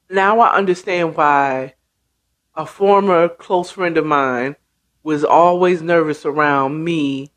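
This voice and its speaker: A woman hosting a casual story recap, chatty and profane in an unhurried way. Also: low-pitched. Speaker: host.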